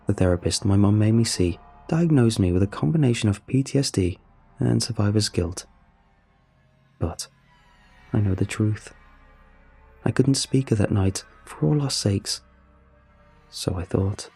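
A young man narrates a first-person horror story in a somber, confessional voice, low and measured. His tone is dark and husky, with faint music running underneath. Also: lively intonation.

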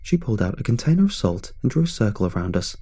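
A man tells a scripted horror story in a measured, ominous way. His voice sits low with a dark, mellow tone. There is a husky breathiness throughout. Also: sing-song. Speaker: narrator.

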